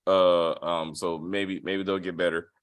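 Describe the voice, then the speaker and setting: A man's voice: low voice, level tone, unhurried, clean tone. A man hosting a casual chat review, hesitant and blunt in his opinions. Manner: hesitant, many fillers and restarts, blunt. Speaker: host.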